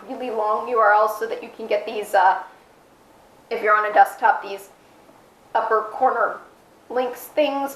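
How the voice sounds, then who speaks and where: Chatty self-mocking woman in an echoey room. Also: a little high. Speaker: vlogger. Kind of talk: casual chat to camera. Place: indoors at home, with her dog nearby. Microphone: camera mic, fisheye action camera.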